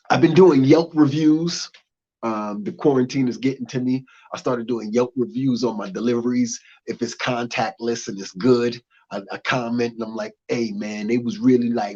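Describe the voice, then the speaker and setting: A young American man doing a loose, punchy stand-up comedy set. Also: mid-range voice. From United States. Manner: loose, animated, punchy delivery. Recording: dull lo-fi audio.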